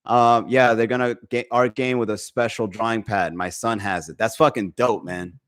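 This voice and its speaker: A man's voice: on the low side, fairly even intonation, moderate pace, fairly bright tone. A man hosting a comedy podcast, chatting casually with his stream, rambling, swearing freely and laughing often. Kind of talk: casual livestream chat.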